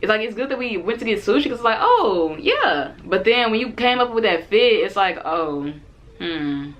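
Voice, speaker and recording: A young woman in her twenties tells a dating story straight to the camera in a loose, chatty way. She acts out both sides of the conversation. Her voice sits at a middle pitch. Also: moderate pace, lo-fi sound. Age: 20s. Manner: animated, acts out both sides of the date in quotes. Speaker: vlogger.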